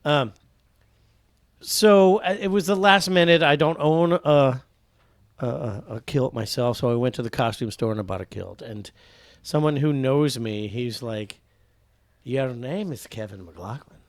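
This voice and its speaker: A man's voice: medium pitch, unhurried, no echo. A man hosting a podcast, telling stories in a rambling, joking way with many restarts. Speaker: podcast host. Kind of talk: casual podcast chat.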